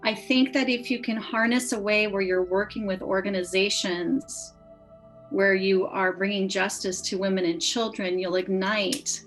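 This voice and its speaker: A woman's voice: mid-range voice, fairly even intonation, unhurried, faint music behind, low-quality recording. Earnest encouraging woman astrologer. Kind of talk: astrology reading.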